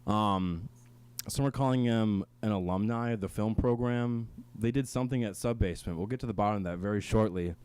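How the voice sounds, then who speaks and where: A man's voice: on the low side, a little fast, darkish tone, smooth. A young man hosting a student radio talk show, playfully gloating and mock-boastful in a comedic style. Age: young adult. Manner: mock-boastful, playful, slips into silly voices. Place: student radio station studio.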